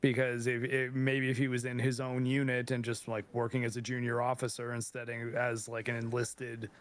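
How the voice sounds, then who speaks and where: A man's voice: mid-range voice, monotone, normal speed, no room sound. A man co-hosting a casual film discussion, thinking aloud and hedging his points.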